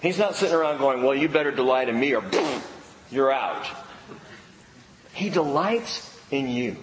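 A man preaching a sermon to a congregation, lively, stretching out key words for emphasis. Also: medium pitch, normal speed, noisy background. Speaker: pastor. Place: church sanctuary. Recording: long hall reverb, faint ambience.

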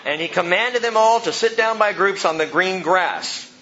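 A man preaching a sermon as pastor, animated and joking, acting out the people in the story. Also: high-pitched, normal speed, dull audio, a little hiss or hum.

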